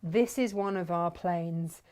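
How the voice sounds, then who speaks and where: A woman's voice: lowish voice, takes it slowly, darkish tone. A woman hosting a fabric workshop, talking in a chatty, enthusiastic, rambling way. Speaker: fabric shop host. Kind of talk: casual workshop chat.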